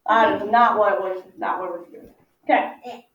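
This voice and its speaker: A woman teacher leading a phonics lesson for young children, patient and encouraging, stretching out sounds slowly for them to follow. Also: mid-range voice, steady tone, a bit bright. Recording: echoey, distant, muffled classroom audio.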